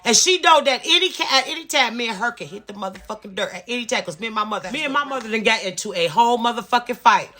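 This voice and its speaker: A woman's voice: a little high, lively intonation, quick pace, hardly any pauses, bright, forceful tone. A woman in her fifties ranting in a storytime vlog, profane and emphatic, repeating herself to drive points home. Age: 50s. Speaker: vlogger. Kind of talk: storytime rant.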